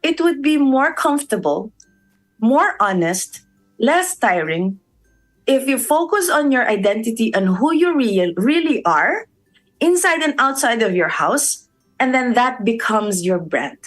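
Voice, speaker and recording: A woman's voice: on the high side, big pitch swings, unhurried, soft background music. A middle-aged woman from the Philippines with a Filipino accent, a radio show guest telling stories and acting out quoted voices, slipping into Tagalog. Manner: storytelling, acts out quoted voices, mixes in Tagalog. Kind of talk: conversational radio interview.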